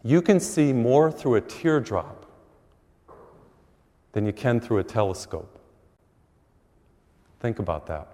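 Middle-aged priest preaching in a reverberant church. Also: male voice, medium pitch, takes it slowly, long pauses. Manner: animated storytelling with acted quotes. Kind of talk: sermon. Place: large church.

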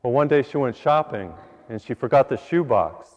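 A man, a priest, preaching to a live congregation in a relaxed, folksy way and telling jokes between his points. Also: medium pitch, moderate pace. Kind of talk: joke-filled sermon. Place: large church. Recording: long church reverb, dull sound. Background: congregation laughing.

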